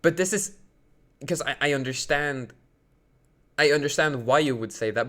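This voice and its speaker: A man's voice: fairly high pitch, moderate pace, long pauses. A man from Sweden, ranting on a live stream in a rambling, indignant way full of fillers. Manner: rambling, indignant, many fillers, bursts louder when outraged.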